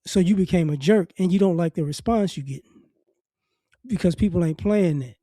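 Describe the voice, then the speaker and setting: Man, high pitch, mellow dark tone, faint Southern accent, blunt casual commentary. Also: moderate pace, dry recording, studio quality. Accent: faint Southern, New Orleans traces. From New Orleans. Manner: blunt, repeats words while building a point. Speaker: commentary vlogger. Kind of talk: casual opinion monologue.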